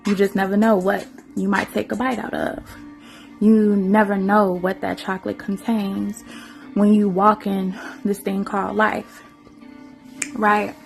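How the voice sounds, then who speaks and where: A woman's voice: mid-range voice, little pitch movement, a little slow, creaky, faint music behind. A woman vlogger giving an emotional, rambling spoken-word monologue, laughing often and repeating her phrases.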